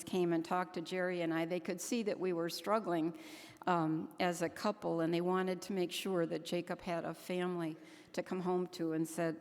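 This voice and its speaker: An older woman speaks earnestly from a conference stage, her low voice carrying through a large, echoing hall. She talks haltingly, often restarting her sentences as she goes. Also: darkish tone. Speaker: keynote speaker. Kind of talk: conference speech. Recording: echoey hall.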